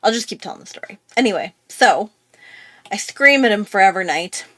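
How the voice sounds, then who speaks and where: A woman's voice: mid-range voice, lively intonation, fairly quick, a bit bright, no echo. A young woman telling a long, rambling story in casual chat on her art channel, with many fillers and restarts. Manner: chatty, rambling, full of fillers. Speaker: art YouTuber.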